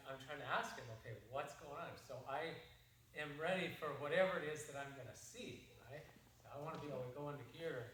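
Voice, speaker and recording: A middle-aged man tells a story to a seminar audience in a folksy, rambling way, circling back and restarting his sentences. His voice sits a little high for a man. He is picked up from a distance in a very echoey room, with faint room noise behind him. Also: a bit bright. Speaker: seminar presenter.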